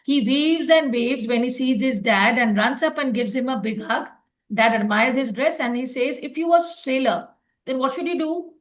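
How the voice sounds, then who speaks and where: Woman, phonics tutor, high voice, patient explaining, online lesson. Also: moderate pace. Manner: explains patiently, often checking with "okay". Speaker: phonics teacher trainer.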